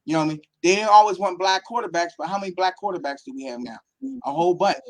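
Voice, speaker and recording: A man's voice: high-pitched, rapid-fire. A man, a football academy coach from Pittsburgh, talking casually in an interview and acting out quotes as he tells stories. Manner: animated storytelling, acts out quotes.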